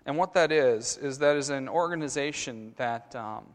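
A man's voice: mid-range voice, moderate pace. Man leading kids in a reverberant church. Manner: coaxing, directing kids in a skit. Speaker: children's sermon leader. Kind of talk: children's message at a church service. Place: church sanctuary.

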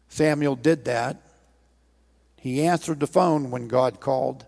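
In the long reverb of a large hall, a man's slightly high, a little mellow voice with vocal fry unfolds at an unhurried pace. He's a pastor giving a sermon, earnestly pleading as he recounts a scripture story and calls his listeners to action.

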